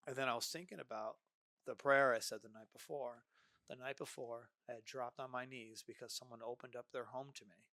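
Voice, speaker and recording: Casting: male podcast guest, lively storyteller, dry close mic. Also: mid-range voice, fairly quick, dry recording. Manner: animated, acts out dialogue, frequent "right?". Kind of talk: casual storytelling.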